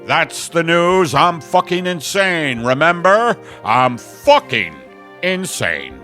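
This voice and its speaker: A man's voice: on the high side, very animated, slow, faint music behind, full character voice. A man doing a deranged doomsday newscaster. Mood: gleeful unhinged. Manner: manic, cackling, swings loud and soft. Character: unhinged male newscaster at the end of the world. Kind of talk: improvised comedy bit.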